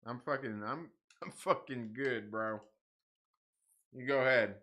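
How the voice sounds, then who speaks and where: A man's voice: mid-range voice, unhurried, sharp tone, highs cut off. A man hosting a livestream, rambling in casual profane chat and laughing often. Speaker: livestream host reading comics.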